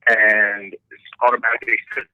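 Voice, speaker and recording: A middle-aged man, a tattoo artist, telling a story in casual podcast talk, animated and profane, acting out the people in it. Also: fairly low pitch, moderate pace, no echo, muffled recording. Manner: animated, profane, acts out voices in stories.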